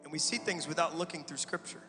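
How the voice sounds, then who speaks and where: A man gives a lively, joking sermon in a church sanctuary, teasing the congregation between points. His voice sits high and bright. A long hall reverb and faint music hang behind him. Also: fast talker. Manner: joking, animated preacher with laughs and audience asides. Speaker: pastor.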